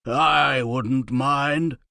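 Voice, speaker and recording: A man's voice: mid-range voice, fairly even intonation, extremely slow, pushed and bright, dry recording, clean studio sound. A man voicing a brash, defiant male noble who blusters boldly. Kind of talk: audiobook character voice.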